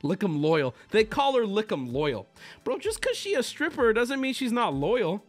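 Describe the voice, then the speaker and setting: A man's voice: high voice, very animated, normal speed, soft background music. A man streaming live, telling stories in casual chat, teasing his viewers and swearing freely as he talks.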